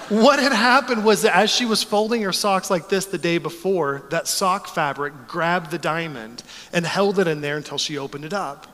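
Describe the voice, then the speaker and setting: A man in his forties preaching a sermon, telling stories in an animated, joking way. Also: high voice, in a large hall, a little hiss or hum. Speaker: pastor.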